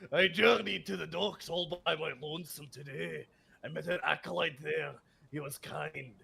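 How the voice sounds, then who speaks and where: A sheltered young noblewoman with a put-on Scottish lilt, as a man reads her diary aloud, prim and melodramatic, her voice sitting fairly high and full of gravelly fry. She pours out her woes in a storybook manner. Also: steady tone, normal speed, sharp tone, heavily acted. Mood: dreamy. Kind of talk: reading aloud in character.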